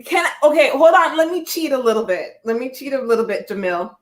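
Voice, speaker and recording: A woman in her thirties with a Canadian accent, hosting a livestream and telling stories in a rambling, animated way with many restarts. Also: high voice, fairly quick. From Jamaica, raised in Canada. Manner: rambling, animated storytelling with frequent restarts and laughs. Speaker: psychic livestream host. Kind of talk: casual livestream chat.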